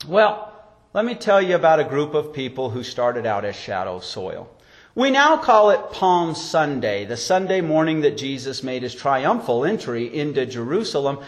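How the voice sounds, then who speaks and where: A man with a fairly high voice preaches a sermon as pastor. He tells stories from his own life and acts out what people said. His voice rises and drops sharply.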